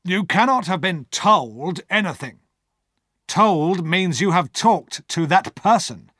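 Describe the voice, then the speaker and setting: A man's voice: sits high, animated, takes it slowly, pushed and bright, no room sound, clean studio sound, voice pushed up, exaggerated voice. A man voicing a cautious middle-aged male lawyer who speaks in a clipped, guarded way.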